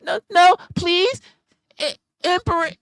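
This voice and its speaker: A man voicing a desperate captive woman who stammers and begs her emperor in a breathless falsetto. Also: slow pace, creaky, fairly bright tone, no echo, studio quality, exaggerated voice. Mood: begging.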